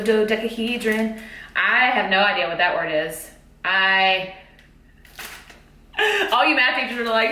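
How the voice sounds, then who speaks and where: A woman's voice: medium pitch, pushed and bright. A woman teacher chatting in a bubbly, exclamatory way about a haul of school supplies. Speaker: teacher vlogger. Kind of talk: casual haul vlog. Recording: echoey room.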